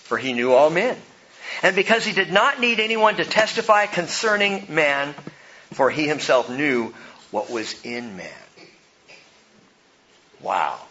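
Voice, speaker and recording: A middle-aged male pastor preaching a sermon, swinging between hushed and emphatic delivery. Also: a little high, big pitch swings, unhurried, pauses often, dull audio.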